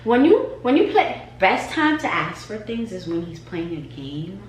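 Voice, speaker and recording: A woman chatting in a lively storytime voice, her pitch swinging up and down as she acts out the back-and-forth. She records in a roomy space that echoes. A faint hum sits under her voice. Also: measured pace, far from the mic. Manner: animated, acts out conversations. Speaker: hair stylist and vlogger. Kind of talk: casual storytime. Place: home garage studio.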